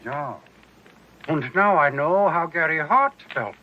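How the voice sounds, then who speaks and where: A man's voice: on the high side, lively intonation, slow pace, highs cut off, slight background noise. An actor playing a feeble older male professor with a hidden villainous past, fussy and evasive. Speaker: suspect professor.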